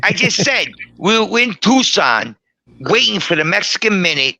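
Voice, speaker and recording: Profane, lively bar storyteller man. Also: sits high, normal speed, gravelly, dry recording. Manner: profane, combative, boastful. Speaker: guest storyteller. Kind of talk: rowdy bar-room storytelling.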